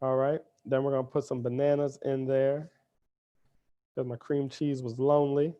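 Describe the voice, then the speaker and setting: A man's voice: medium pitch, flat delivery, normal speed, mellow, muffled recording. A man, a dad, hosting a live cooking lesson for kids, chatty and upbeat, talking straight to the children and their parents. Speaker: cooking show host.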